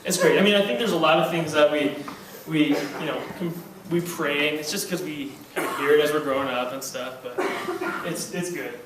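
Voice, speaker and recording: A young man rambles playfully through a stand-up set and pokes fun at himself. His voice sits high, and it rings through a very echoey room. A distant camera picks up clear noise behind him. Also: a little fast. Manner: rambling, self-mocking, playful. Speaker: stand-up comedian. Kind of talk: stand-up comedy. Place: room at a church Christmas party.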